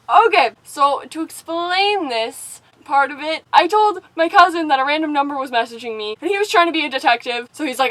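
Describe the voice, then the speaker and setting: High-pitched, giggly young woman vlogger. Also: brisk, hardly any pauses, no room sound, low-quality recording. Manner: animated, giggly, chatty with fillers. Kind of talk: casual storytelling.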